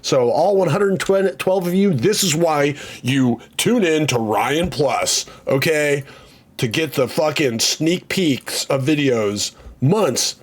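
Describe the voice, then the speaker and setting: A man's voice: a little high, husky. A man streaming casually, rambling and joking about himself, swearing freely and reading out chat comments.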